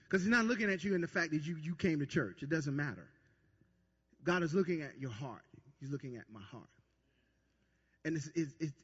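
A man's voice: fairly high pitch, husky. A man preaching a sermon as pastor, with emphatic repetition and stammered restarts. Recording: long reverb, dull lo-fi sound.

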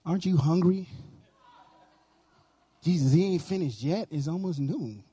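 A man's voice: a little high, unhurried, warm tone, breathy edge, dry recording, pitched below the performer's own voice. A preacher voicing the devil as a sly male tempter, murmuring to distract churchgoers. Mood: sly coaxing.

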